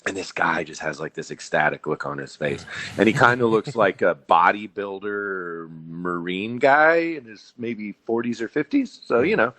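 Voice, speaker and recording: A man's voice: on the low side, normal speed, no echo. A man on a podcast, telling a story in casual chat and acting out the people he quotes. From Billings, Montana. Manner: animated, acts out quoted people.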